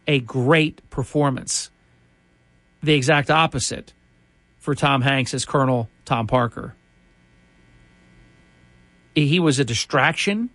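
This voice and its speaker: A man hosting a radio show, talking in a chatty, opinionated way and often restarting his sentences. His voice sits a little high for a man. The sound is close and dry, with no room around it. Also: fairly bright tone, dry recording. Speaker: radio host. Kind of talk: casual on-air monologue.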